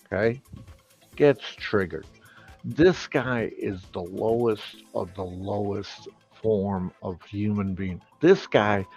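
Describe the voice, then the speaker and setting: A man on a live stream, ranting slowly and emphatically, full of profanity and mockery. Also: fairly low pitch, a little mellow, husky. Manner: profane, slow and emphatic, mocking.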